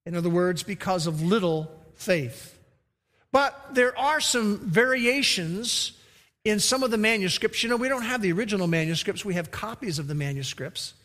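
A man's voice: high voice, lively intonation, normal speed, a bit bright. A man preaching a sermon as pastor, emphatic, acting out the quoted lines. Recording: reverberant hall.

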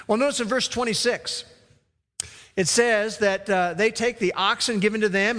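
A man preaching a sermon as pastor, telling the story in a lively way and taking on the voices of the people he quotes. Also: sits high, big-room sound. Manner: animated storytelling, mimics the speakers he quotes.

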